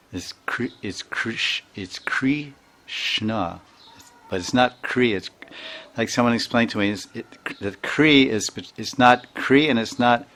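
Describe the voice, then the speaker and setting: A man's voice: mid-range voice, a bit bright. An older man giving an informal spiritual talk, chuckling often and repeating words as he sounds them out. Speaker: spiritual teacher.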